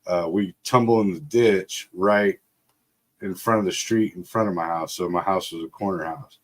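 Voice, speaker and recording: A man's voice: sits low, fairly even intonation, moderate pace. Profane laughing man spinning a yarn. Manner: profane, laughs often while telling. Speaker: live stream host. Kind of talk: casual storytelling. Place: home setup for a live stream.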